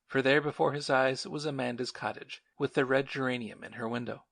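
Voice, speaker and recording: A man reading an audiobook in a steady, measured narration. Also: mid-range voice, creaky, dry recording, clean studio sound. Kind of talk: scripted narration.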